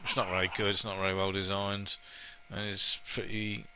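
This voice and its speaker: A man talks through a game he's playing, voice very bright and sharp-edged. He rambles casually, trades playful asides and gives his opinions freely, with a faint hiss of noise under him. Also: deep voice, little pitch movement, moderate pace, low-quality recording. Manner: chatty and opinionated, with frequent laughs and playful asides. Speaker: let's play gamer. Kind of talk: casual gameplay commentary.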